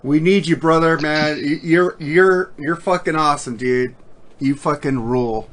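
A man with a fairly high, bright voice hosts a loose podcast chat, cursing constantly and laughing between lines. His tone stays forceful and lively. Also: unhurried. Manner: profane, laughs often, loud shouts. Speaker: podcast host.

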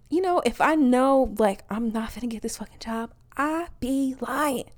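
A woman from Wisconsin riffs through a profane, animated comedic monologue. She laughs often and slips into mocking impressions of other people. Her voice sits a little high. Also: normal speed.

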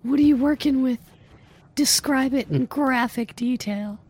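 A woman's voice: high voice, a little slow, darkish tone. A woman host on a comedic prank phone call, bossy, teasing and mock-seductive. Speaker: prank caller, podcast host.

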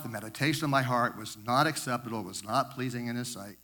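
An older man, a grandfather, shares a rambling devotional story in the manner of an informal sermon, full of repeated words and self-correcting asides. His medium-pitched voice is brisk, pushed and bright.

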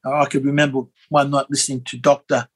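An Australian man, a former member of parliament, telling a rambling, animated story as an interview guest, with many fillers and restarts. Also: mid-range voice, a little fast, husky, poor audio. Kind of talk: conversational storytelling.

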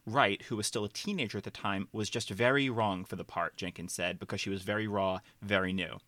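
A man with a bright, fairly low voice hosts a relaxed movie chat. He reads quoted anecdotes with lively flair. The sound is dry and close. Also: fairly quick, no room sound. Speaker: podcast host. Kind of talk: casual chat, reading quotes aloud.

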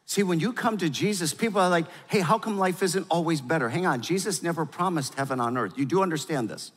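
A man's voice: on the high side, brisk, few pauses, husky. Older male pastor preaching in a reverberant hall. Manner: emphatic preaching, swings from loud urgency to quiet gravity. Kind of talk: sermon.

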